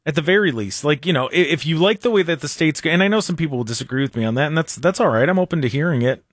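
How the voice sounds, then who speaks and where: A man's voice: a little high, racing, no room sound, clean studio sound. A man hosting a casual political talk radio show, chatting animatedly and often restarting his sentences. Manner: animated, talks in restarts and repeats.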